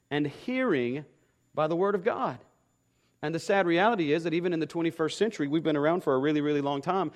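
A pastor preaching a sermon to his congregation, emphatic and repeating key phrases, often asking rhetorical questions. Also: a little high.

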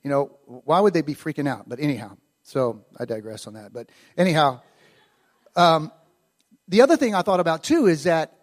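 Male preacher, informal storytelling delivery, a touch high-pitched, acts out the quotes. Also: lively intonation, normal speed. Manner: conversational, acts out quoted lines with rising animation. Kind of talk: casual storytelling sermon.

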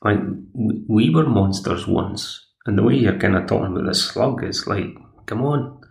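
A man's voice: lowish voice, moderate pace, vocal fry. Male podcast host, digressive recapper, echoey room. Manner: chatty, digressive. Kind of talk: casual episode recap.

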